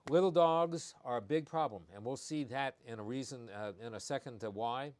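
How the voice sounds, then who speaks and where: A man's voice: medium pitch, moderate pace, darkish tone. A man who is a veterinarian, hosting a live-streamed pet health talk in a folksy, conversational way and repeating his key points. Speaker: veterinarian host.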